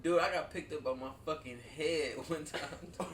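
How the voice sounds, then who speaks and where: Man, casual storytelling, laughing and swearing, slightly high voice, roomy echo. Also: moderate pace, far from the mic, a little hiss or hum. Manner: animated, profane, laughs often, says "dude" a lot. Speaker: storyteller among friends. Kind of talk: casual chat. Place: at home with friends over wine. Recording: roomy, away from the mic.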